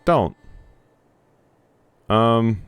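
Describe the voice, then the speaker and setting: A man's voice: medium pitch, lively intonation, very slow, smooth, no echo, soft background music. A man hosting a game let's play, chatting casually and hesitantly as he reads game text aloud. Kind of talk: casual gameplay commentary.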